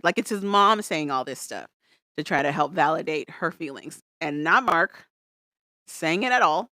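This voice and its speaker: With a deep voice at a moderate pace, this podcast co-host casually recaps reality shows and animatedly voices people's quotes in a playful way. The clean studio sound has no room tone.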